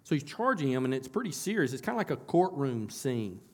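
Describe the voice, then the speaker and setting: A man's voice: mid-range voice, big pitch swings, a little fast. A man preaching a sermon as a pastor in a church, in a conversational way that often asks the congregation questions and repeats words as he restarts.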